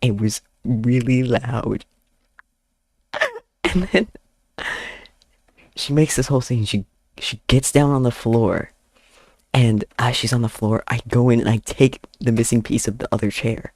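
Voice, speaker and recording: A man's voice: mid-range voice, steady tone, a little slow, pauses often, darkish tone, dry recording, clean studio sound. A young man telling a rambling story with frequent giggles while he draws, chatting casually on his channel. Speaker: artist streamer. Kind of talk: casual chat while drawing. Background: faint background music.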